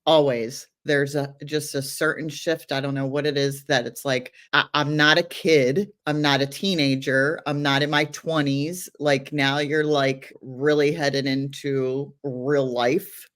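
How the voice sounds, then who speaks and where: A woman's voice: sits low, fairly even intonation, a little slow, hardly any pauses. A middle-aged mother co-hosting a casual podcast, laughing often. She hands out firm, motherly advice in an easy conversational voice. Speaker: co-host, mother.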